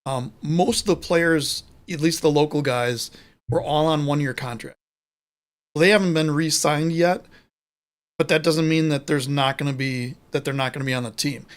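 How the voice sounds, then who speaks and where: With a slightly high voice at normal speed, this podcast co-host talks casually on a live sports show. He's chatty and rambling, and keeps stopping to correct himself partway through sentences.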